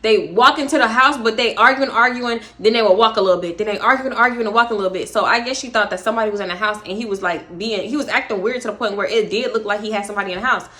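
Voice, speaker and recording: A young woman telling a wild story on her vlog, high-pitched and bright. She is profane and animated, with frequent laughter. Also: racing, hardly any pauses. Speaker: vlogger, storytime host.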